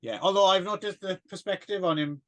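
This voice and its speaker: A man's voice: sits high, fairly quick. A man co-hosting a casual film podcast, rambling and hesitant with plenty of fillers and self-deprecating asides. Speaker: podcast co-host.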